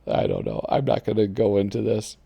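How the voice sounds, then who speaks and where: A man's voice: lowish voice, sing-song, brisk, gravelly, dark tone, breathy edge, no echo, lo-fi sound. A man hosting a channel who chats casually and giggles as he flips through an old magazine at his computer. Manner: chatty, giggly, easily sidetracked. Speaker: host. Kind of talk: casual commentary while flipping through a magazine. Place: home computer desk.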